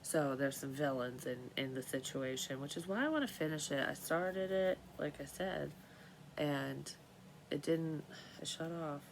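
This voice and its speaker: A woman with a low voice rambles through a casual tarot vlog. She is losing her voice and keeps clearing her throat. She swears freely and breaks off her sentences, with a faint background hum. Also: a little slow, poor audio. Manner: rambling, profane, self-interrupting. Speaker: tarot reader vlogger.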